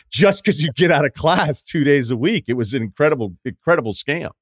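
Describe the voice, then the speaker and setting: A man's voice: on the high side, expressive, brisk, husky, dry recording, clean studio sound. A man in his forties from Massachusetts hosting a podcast, chatting loosely with a guest, joking and swearing freely. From Martha's Vineyard, Massachusetts. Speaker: podcast host. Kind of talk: casual podcast chat.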